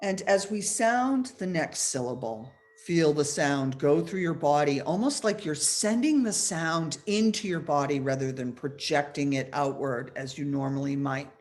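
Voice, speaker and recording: A woman leading a guided meditation over a video call, giving soft, slow instructions with pauses. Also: low voice, expressive.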